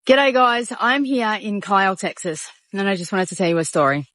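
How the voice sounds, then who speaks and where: A woman's voice: mid-range voice, expressive, moderate pace, fairly bright tone, faint music behind, rough recording. A woman with an Australian accent, telling a story to her phone camera outside a shop on a road trip. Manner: chatty, tearful at moments. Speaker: travel vlogger. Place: outdoors by a shop.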